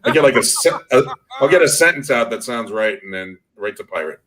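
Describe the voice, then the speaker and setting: Jokey man with a lively voice. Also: mid-range voice, crowd noise. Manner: jokey, quick quips. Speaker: podcast co-host. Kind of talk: casual chat.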